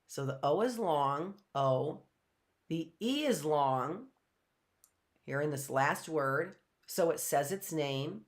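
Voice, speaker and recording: Slow, patient woman teaching phonics. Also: deep voice. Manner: patient, repeats words slowly for young learners. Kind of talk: live online phonics lesson.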